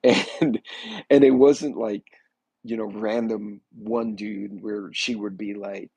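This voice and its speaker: A man hosts a casual livestream in a folksy, rambling way. His voice sits a little low and sounds husky. The sound is dry and close, with almost no room echo. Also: fairly even intonation, slow, darkish tone. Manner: rambling, folksy, greets chat viewers by name. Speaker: livestream host. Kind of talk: casual political livestream chat.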